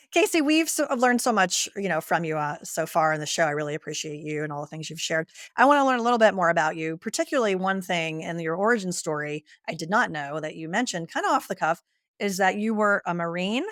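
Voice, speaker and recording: A woman's voice: lowish voice, expressive, brisk, a bit bright, no echo, clean studio sound. A woman hosting a podcast interview, asking engaged questions in a casual way. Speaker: podcast host.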